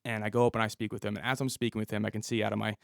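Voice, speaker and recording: A man's voice: on the low side, level tone, very fast, creaky, fairly bright tone, no echo, clean studio sound. A man who was a police officer, a podcast guest telling a story in a casual, matter-of-fact way. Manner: detailed, matter-of-fact retelling.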